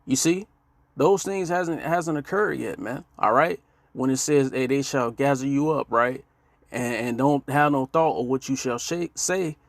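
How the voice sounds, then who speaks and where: A man gives a casual sermon and reads scripture, stressing his points and ending nearly every phrase with "man" and "all right?" He is emphatic and checks in with listeners in a call-and-response way. His mid-range voice has vocal fry, with no room sound.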